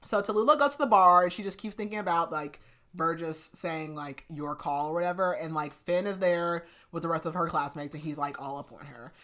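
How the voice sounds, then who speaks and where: A woman's voice: low voice, a little fast, a bit bright. A woman hosting a book podcast, recapping the plot in a casual, chatty way, saying "like" a lot and laughing often. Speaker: podcast host reviewing books. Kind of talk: casual chat.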